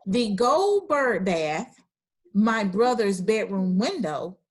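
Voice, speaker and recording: Woman teacher on a video call, encouraging and full of praise, pitch swinging widely, unhurried delivery. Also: sing-song, breathy edge. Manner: reads sentences aloud slowly. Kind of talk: online class teaching.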